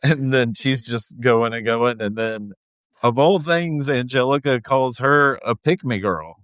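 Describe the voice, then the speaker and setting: A man's voice: medium pitch, takes it slowly, a bit bright, clean tone, no echo, studio quality. A man co-hosting a casual recap podcast, laid-back with jokey asides. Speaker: podcast co-host.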